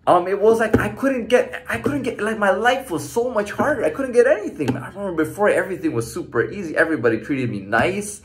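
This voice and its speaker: A man's voice: high-pitched, animated, a little fast, few pauses, slight background noise. A man in his thirties casually telling a story from his own life, loose and profane, with lots of "like" and "man" fillers. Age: 30s. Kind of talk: casual personal storytelling monologue.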